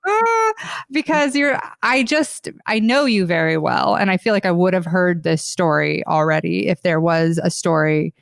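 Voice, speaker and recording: A woman's voice: on the low side, expressive, normal speed, gravelly, no echo, clean studio sound. A woman hosting a podcast, chatting in a playful, teasing way with a friend. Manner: playful, teasing, laughs often. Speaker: podcast host. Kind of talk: casual chat.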